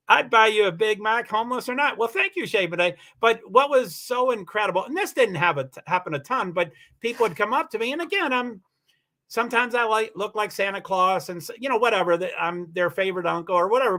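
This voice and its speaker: Casting note: high-pitched middle-aged male streamer, rambling, chatty, frequent restarts. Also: expressive, normal speed, fairly bright tone. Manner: rambling, many restarts, laughs while telling stories. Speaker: livestream host reading chat comments. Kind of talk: casual livestream chat.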